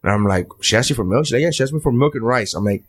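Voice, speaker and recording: A man's voice: medium pitch, lively intonation, rapid-fire, slightly rough. A man in his thirties telling a story about his family in casual, profane chat, acting out the voices of the people in it.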